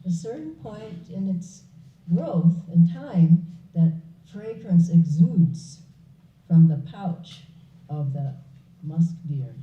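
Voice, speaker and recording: A woman giving a public spiritual talk, an animated storyteller who laughs along with her own story. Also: on the low side, takes it slowly. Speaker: spiritual speaker. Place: hall. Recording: echoey hall, distant, dull.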